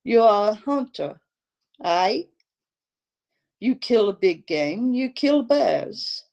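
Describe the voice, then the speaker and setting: A woman voicing a creepy anonymous male caller who speaks low and breathy with a clumsy fake accent. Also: animated, takes it slowly, a little mellow. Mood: creepy, insinuating. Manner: poorly done vaguely French accent.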